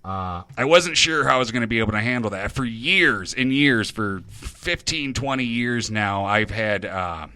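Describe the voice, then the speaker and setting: Jittery man rambling on a bright dry mic. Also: lowish voice, animated, moderate pace, few pauses, dry recording. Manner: nervous, self-interrupting, restarts often. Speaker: internet radio host. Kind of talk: rambling confessional monologue.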